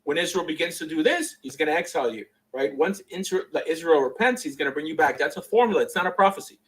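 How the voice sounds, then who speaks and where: A man with a Miami accent hosting a livestream, explaining with animated emphasis. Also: fairly high pitch, quick pace, recorded from a distance, rough recording. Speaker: host. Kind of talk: livestream debate and teaching.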